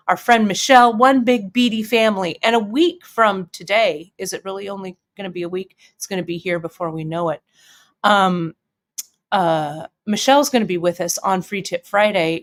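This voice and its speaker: Woman stream host, mid pitch, chatty and emotional, teary and sniffling, fillers throughout. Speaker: host of a bead shop live stream. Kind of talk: casual live-stream chat reading viewer comments.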